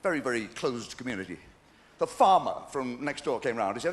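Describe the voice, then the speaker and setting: An older Englishman performs a stand-up comedy routine on a theatre stage before a live audience, chatty and cheeky, chuckling between jokes. His mid-range voice is sing-song and brisk, with a long reverb tail. The recording is a noisy 1990s VHS stage capture.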